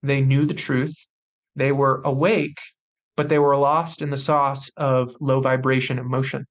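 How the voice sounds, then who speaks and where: A man's voice: mid-range voice, measured pace. A young man on a podcast, telling a personal story with intensity and acting out what others said. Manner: intense, animated retelling with acted quotes. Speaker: podcast guest.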